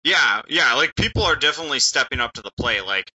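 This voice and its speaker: A man's voice: medium pitch, lively intonation, fast talker, bright, forceful tone, husky, rough recording. A man in a casual podcast chat, laid-back and joking.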